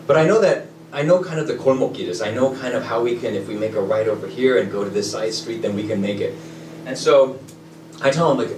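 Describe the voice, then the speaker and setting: A man telling a funny personal story in an animated, chuckling way, moving between narration and quoted dialogue. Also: fairly low pitch, quick pace. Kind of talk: live comic storytelling. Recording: echoey and distant with loud ambient noise.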